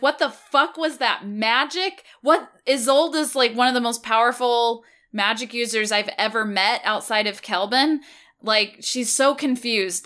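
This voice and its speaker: A woman's voice: fairly high pitch, bright, forceful tone. A woman playing a tabletop game, rambling with lots of fillers and swearing now and then. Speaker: player. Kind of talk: casual chat, tabletop role-play.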